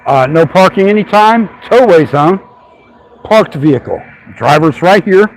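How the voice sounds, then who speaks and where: A man's voice: high-pitched, lively intonation, normal speed, a little hiss or hum, rough recording. A man ranting on a casual livestream from a city sidewalk, irritated and swearing freely as he films. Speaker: street filmer livestreaming.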